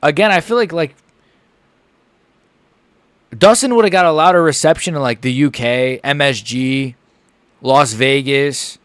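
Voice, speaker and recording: A man giving casual, excitable live reaction commentary as a streamer, chatty and full of slang. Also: a little high, measured pace, long pauses, clear, resonant tone, no echo. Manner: chatty, excitable, lots of "like" and "bro".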